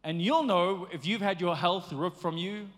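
A man preaching a sermon in a lively, conversational way, slipping into playful acted asides. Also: high voice, moderate pace, long reverb tail. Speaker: pastor.

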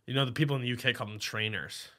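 A man's voice: mid-range voice, fairly even intonation, rapid-fire, a bit bright. An American man co-hosting a podcast, chatting in a rambling, playful way. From United States. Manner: rambling, playful, puts on silly voices. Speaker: podcast co-host. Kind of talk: casual chat.

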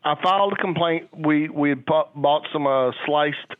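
A man's voice: on the high side, normal speed, no room sound. An older man on a phone call, a father who talks in a rambling, hesitant way with many fillers. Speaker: caller, a father. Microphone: telephone. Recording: tinny phone line.

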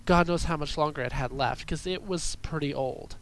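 A woman's voice: low-pitched, moderate pace, crowd noise. A congested woman hosting a chatty podcast, sassy and profane, calling her listeners darlings and girls. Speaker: podcast host. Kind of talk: casual chat show monologue.

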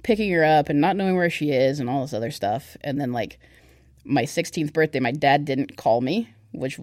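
A woman's voice: deep voice, normal speed, a little mellow, no room sound, clean studio sound. A young woman giving a personal testimony on a podcast, speaking candidly and conversationally, with lots of fillers. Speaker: podcast guest. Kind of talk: personal testimony in casual chat.

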